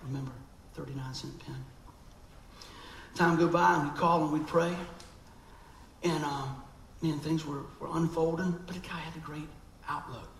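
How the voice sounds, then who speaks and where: A man's voice: fairly high pitch, fairly even intonation, normal speed, vocal fry, a bit bright, roomy sound, slight background noise, rough recording. A man preaching a sermon, telling a story animatedly and acting out the voices of people in it.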